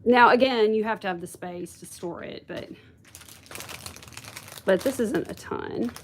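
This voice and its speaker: A woman's voice: medium pitch, measured pace, noisy background. Chatty woman hosting a craft stream. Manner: chatty, thanks viewers, thinks aloud. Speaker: craft video host. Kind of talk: casual livestream chat with viewers.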